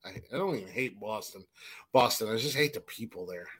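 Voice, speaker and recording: A man's voice: on the low side, expressive, a little fast, fairly bright tone, slightly rough. A man hosting a comedy podcast, reading odd news headlines and riffing with swearing and laughter. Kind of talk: casual comedy chat.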